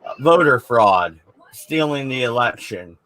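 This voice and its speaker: Slow, unhurried male co-host. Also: mid-range voice, lively intonation, sharp tone, a little hiss or hum. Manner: unhurried storytelling with fillers. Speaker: podcast co-host. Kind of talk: casual talk show banter.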